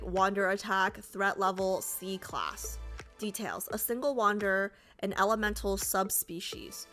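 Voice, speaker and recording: A woman's voice: mid-range voice, a bit bright. A woman casually reading a game story aloud, breaking off for chatty, joking asides.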